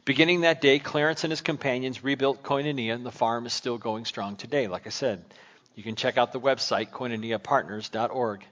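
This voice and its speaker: A man's voice: medium pitch, steady tone, fairly quick, a bit bright. Earnest male preacher asking questions. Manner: earnest, asks searching questions. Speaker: pastor. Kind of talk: sermon.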